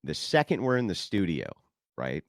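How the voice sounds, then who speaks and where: Deep, gravelly, mocking male host. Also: huge pitch swings, normal speed, dry recording, studio quality. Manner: mocking, profane and sarcastic. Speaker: streamer host. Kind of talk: sarcastic commentary.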